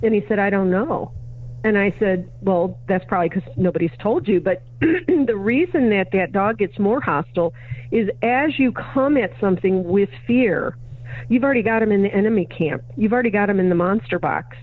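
During a remote podcast interview with thin, phone-like audio, a woman guest who is an educator and consultant relates a story by acting out both speakers, imitating each remembered voice. She talks at medium pitch and a moderate pace.

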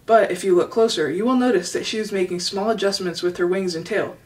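A measured, formal robot mother from a storybook, read by a woman. She speaks without contractions in a calm, careful way, heard from a little back off the mic. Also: mid-range voice, far from the mic, lightly acted, poor audio.

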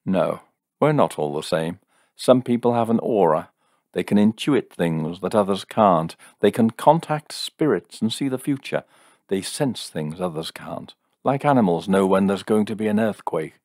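A man's voice: on the low side, expressive, moderate pace, darkish tone, no room sound, studio quality. A man reading a story, voicing a defiant, argumentative young woman who believes in psychics. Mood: insistent. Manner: argumentative, sarcastic.

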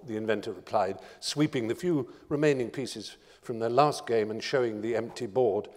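A man giving a lecture as a guest speaker, telling stories in a dramatic, expressive way. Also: mid-range voice, normal speed, few pauses, in a large hall. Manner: dramatic, expressive storytelling with lists. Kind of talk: storytelling lecture. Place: lecture hall.

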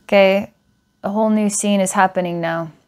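A woman's voice: medium pitch, steady tone, normal speed, clean tone. A woman psychic giving a client a past-life reading, meandering with filler words and small laughs. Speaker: psychic reader.

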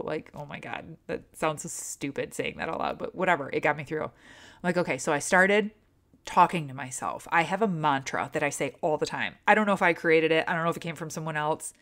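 A middle-aged woman hosting a podcast, telling a personal story in a casual, animated way and acting out her own panic. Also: low-pitched, quick pace. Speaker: podcast host.

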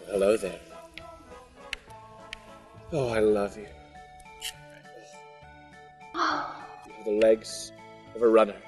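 A man's voice: lowish voice, wildly swooping pitch, slow, pauses often, music in the background, heavily acted. A man in a comedy sketch, cooing lovestruck praise in a crooning manner. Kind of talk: comic sketch acting.

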